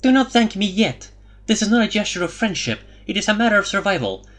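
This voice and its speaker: A cold, calculating woman envoy voiced by a man narrating an audiobook. Her words come curt and skeptical, clipped short with no warmth to spare. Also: sits high, big pitch swings, quick pace, voice pushed up. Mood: urgent. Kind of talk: audiobook character voice.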